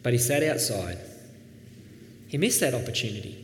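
A man preaching a sermon as pastor, earnest, dropping soft and then rising with emphasis. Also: mid-range voice, expressive, moderate pace. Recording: echoey hall, faint background noise.

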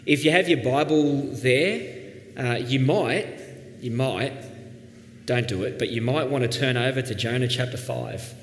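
A man preaching a sermon as pastor, earnest, dropping soft and then rising with emphasis. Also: mid-range voice, a little slow. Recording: echoey hall, faint background noise.

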